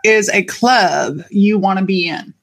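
A woman hosting a podcast as a life coach, talking in an animated, chatty and playful way and swearing casually. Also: mid-range voice, measured pace. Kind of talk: solo podcast monologue.

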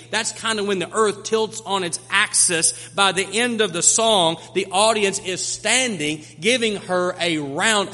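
A male pastor preaches with emphatic repetition, his voice high and bright. It rings out with a long, trailing reverb from a large church hall. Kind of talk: sermon.

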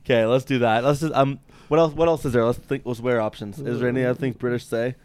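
A man's voice: mid-range voice, steady tone, fast, darkish tone, smooth, dry recording. Laid-back man in his twenties. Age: 20s. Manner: laid-back, swearing, laughs a lot. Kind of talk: casual chat.

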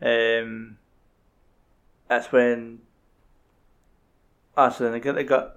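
Scottish man, gravelly voice, sweary, rambling, casual film chat. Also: mid-range voice, level tone, takes it slowly, fairly bright tone, dull audio.

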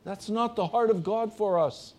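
A middle-aged man preaching a sermon as pastor, earnest, often dropping to a soft, low voice. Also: normal speed.

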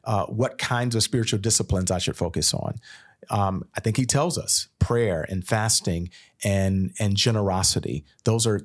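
A man, a pastor co-hosting a Bible podcast, talking in a thoughtful, halting way with frequent restarts. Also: lowish voice. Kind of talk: casual Bible discussion.

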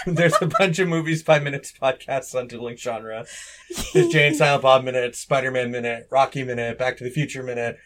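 A man's voice: medium pitch, moderate pace, a bit bright. A man co-hosting a podcast, chatting casually with wry, joking asides. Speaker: podcast co-host. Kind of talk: casual chat.

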